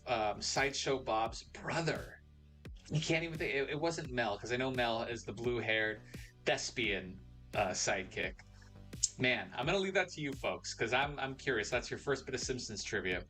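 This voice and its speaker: A man's voice: mid-range voice, pushed and bright. A young man hosting a casual live stream, rambling and correcting himself as he reads out chat messages.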